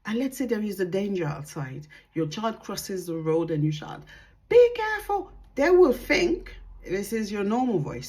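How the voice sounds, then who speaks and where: Speaking to the camera with calm earnestness, a parenting consultant offers advice and acts out snippets of dialogue along the way. Her voice sits fairly low.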